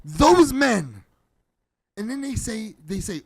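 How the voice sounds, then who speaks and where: Man, high voice, very lively pitch, mocking reaction chat. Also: slow pace, gravelly, long pauses, slightly rough. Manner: animated, mocking, bursts into shouting. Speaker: podcast co-host reacting to videos.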